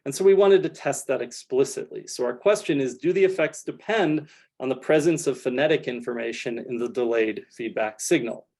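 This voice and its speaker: A man giving an academic research talk over slides, explaining in a measured way with frequent "kind of" fillers. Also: medium pitch, creaky, a little mellow.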